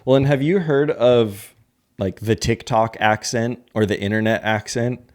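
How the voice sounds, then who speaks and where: A man's voice: mid-range voice, a little slow. A man co-hosting a podcast in casual chat, rambling and hedging with lots of filler words. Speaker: podcast co-host.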